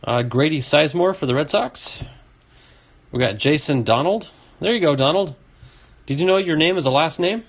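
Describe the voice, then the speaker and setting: A man's voice: fairly high pitch, animated, normal speed, long pauses. A man hosting a casual card-opening video, reading off names and chatting to a viewer. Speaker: card collecting video host. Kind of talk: casual box-opening commentary.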